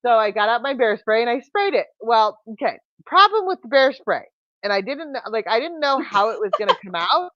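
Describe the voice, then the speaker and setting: A woman telling a story in casual chat, animated and laughing as she talks. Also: on the high side, brisk, no room sound. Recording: dull lo-fi sound.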